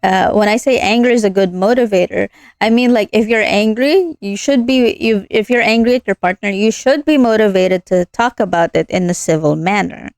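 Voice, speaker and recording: Young woman streamer, casual earnest rant, mid pitch, dry close mic. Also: normal speed, a little mellow, dry recording. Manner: ranting, earnest, with laughs and many fillers. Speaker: streamer playing a visual novel. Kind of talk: casual gameplay commentary.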